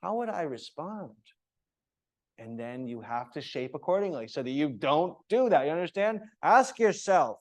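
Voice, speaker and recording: Male yoga teacher trainer, slightly high voice, emphatic lecturing to a live class. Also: moderate pace. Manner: animated, emphatic, checks in with "okay?".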